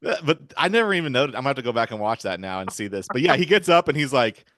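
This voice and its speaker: A man's voice: medium pitch, very animated, rapid-fire, fairly bright tone, no room sound, clean studio sound. A man in casual podcast chat about a film, retelling scenes and acting out the characters' lines. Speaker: podcast guest.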